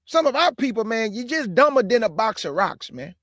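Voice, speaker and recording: His voice is extremely high with big pitch swings, fairly quick and a bit bright, recorded in a clean, echo-free studio. Hosting his own stream, the man delivers fiery, preachy commentary, repeating his points and calling his listeners family.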